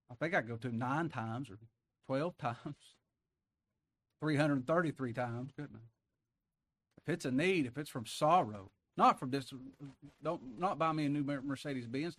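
A man preaching a sermon in a conversational way, dropping to soft asides and rising to emphatic cries, often ending with tag questions. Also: mid-range voice, animated, moderate pace, long pauses, dry recording.

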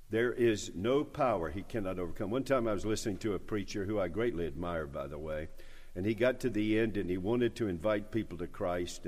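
A male preacher with a South Carolina accent delivering an emphatic sermon, building to forceful repeated declarations. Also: low voice. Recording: long hall reverb.

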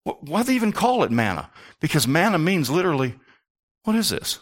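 A man preaching a sermon with passion, rising to near-shouts and firing rhetorical questions at the congregation. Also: a little high, sing-song, fast talker. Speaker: pastor.

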